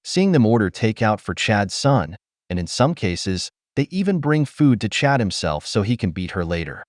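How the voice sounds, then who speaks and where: A man's voice: fairly low pitch, sing-song, moderate pace, no room sound, studio quality. A man narrating scripted commentary in a lecturing, preachy way.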